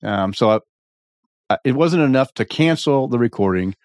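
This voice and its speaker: A man hosting a casual podcast, a bit congested with a frog in his throat, talking in a relaxed, chatty way. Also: mid-range voice, moderate pace, dry recording, clean studio sound. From US Pacific Northwest. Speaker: podcast host. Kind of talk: casual chat.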